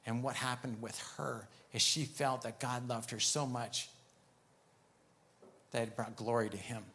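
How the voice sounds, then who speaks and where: Male preacher, gravelly, mid-pitched, storytelling sermon delivery. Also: fairly even intonation, measured pace, fairly bright tone. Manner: storytelling with many "I said" asides. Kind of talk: sermon testimony.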